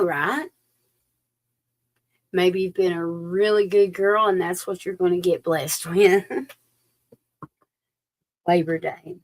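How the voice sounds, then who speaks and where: Slow-talking folksy woman. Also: on the low side. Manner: folksy, chatty, drops into whispers. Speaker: psychic reader. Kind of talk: live-stream tarot reading chat.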